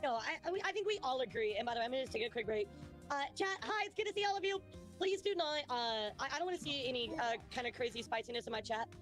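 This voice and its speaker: A woman's voice: high voice, lively intonation, fast talker, a bit bright, faint music behind. A woman streamer interviewing a guest, upbeat and talking straight to her chat. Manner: upbeat, talks directly to chat. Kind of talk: livestream interview.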